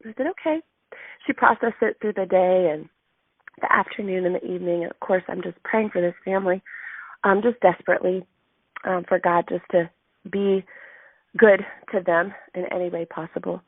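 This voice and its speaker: A woman's voice: lowish voice, fairly even intonation, normal speed, dry recording. A woman in her thirties telling a heartfelt story in a motivational talk, emotional and full of ums. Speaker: sales team leader giving a weekly message. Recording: tinny phone-line sound.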